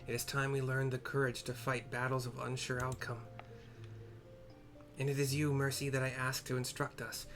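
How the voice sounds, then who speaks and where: A man voicing an earnest male guildmaster who speaks in formal, measured lines. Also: medium pitch, monotone, a bit bright, soft background music, close to an everyday voice.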